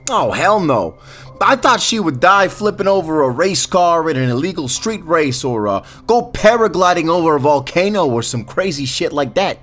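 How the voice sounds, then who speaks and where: An actor playing a casual, crude, chatty Grim Reaper in an audio role-play drama. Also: male voice, a little high, very animated, normal speed, a bit bright, soft background music. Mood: joking. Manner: laid-back, chatty, crude and wry. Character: casual joking male Grim Reaper, Death.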